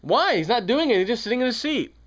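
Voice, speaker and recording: A man's voice: very high voice, big pitch swings, quick pace, fairly bright tone. A man giving an angry, sarcastic political commentary on his own channel, repeating points with rising heat. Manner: heated, sarcastic, repetitive. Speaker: video commentator.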